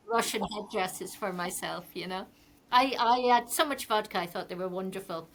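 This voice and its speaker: A woman's voice: medium pitch, moderate pace. A middle-aged Irish woman, a fashion designer, chatting as a podcast guest and telling rambling stories with many ums. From Ireland. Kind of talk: casual interview chat.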